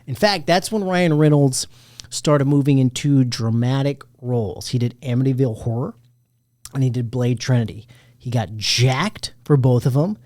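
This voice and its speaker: A man in his thirties hosting a podcast, chatting casually about a movie, animated and jokey, with plenty of swearing. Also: medium pitch, moderate pace, dry recording, clean studio sound. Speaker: podcast host. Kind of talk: casual movie review chat.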